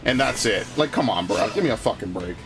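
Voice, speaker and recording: With music playing behind him, a man streams a game and rants heatedly, swearing a lot and restarting often as he tells his stories. His voice is lowish, animated and brisk, and the talk is casual gameplay commentary.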